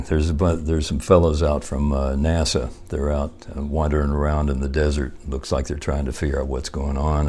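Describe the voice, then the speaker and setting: An older man with a very low, deep voice spins a folksy joke at an easy pace. He rambles along with fillers and small chuckles before he lands the punchline. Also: a little mellow. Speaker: joke teller.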